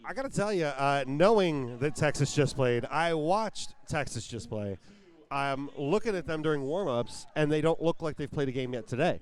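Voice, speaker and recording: A man's voice: fairly high pitch, lively intonation, normal speed, smooth. Jokey male roller derby commentator. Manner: jokey, laughs often, reads roster numbers. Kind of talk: live sports commentary.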